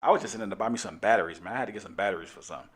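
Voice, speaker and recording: A man's voice: low-pitched, very fast, a bit bright, husky. A middle-aged man, a police officer hosting a talk show, telling a casual story in a laid-back way and laughing often.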